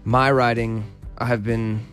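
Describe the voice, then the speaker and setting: A young man, a musician guest, chatting in a casual radio interview, relaxed, laughing often and trailing off mid-sentence. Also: medium pitch, a little slow, soft background music.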